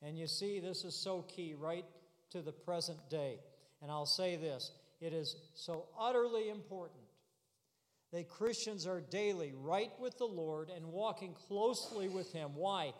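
A man's voice: high-pitched, a little slow. A man preaching a sermon, earnest and building to emphatic, repeated declarations. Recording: long reverb of a hall.

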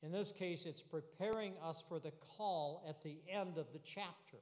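A man with a rather high voice preaches at a moderate pace, earnest at first and building to emphatic, repeated declarations. The recording has the long reverb of a hall.

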